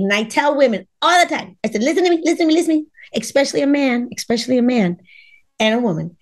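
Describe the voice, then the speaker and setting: With a high, expressive voice and quick pace, a middle-aged woman from a Cuban family in Los Angeles, working as a dating coach, gives a podcast interview. She reenacts what people told her with emphasis and repeated words.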